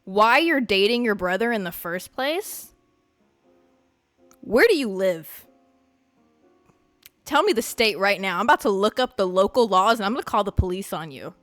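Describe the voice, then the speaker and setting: A woman hosting a podcast in casual chat, brash and excitable, swearing freely. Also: mid-range voice, normal speed, pauses often, no echo, soft background music. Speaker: podcast host.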